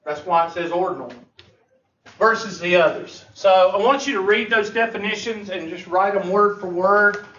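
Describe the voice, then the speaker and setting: High-voiced guy teaching math, jokey, far off in an echoey classroom. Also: normal speed, sharp tone. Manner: joking, folksy, drawled Southern phrasing. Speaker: math instructor. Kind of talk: classroom lecture. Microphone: far room mic. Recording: echoey, distant, muffled classroom recording.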